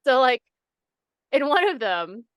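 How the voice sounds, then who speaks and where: A young woman co-hosting a casual podcast chat, animated and swearing freely as she acts out other people's reactions. Her voice is smooth and clear. It is recorded close and dry. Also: high-pitched, takes it slowly, no room sound. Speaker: podcast co-host.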